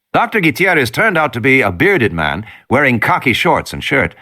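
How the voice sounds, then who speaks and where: A man narrating an audiobook in an expressive, dramatic way. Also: mid-range voice, normal speed, few pauses.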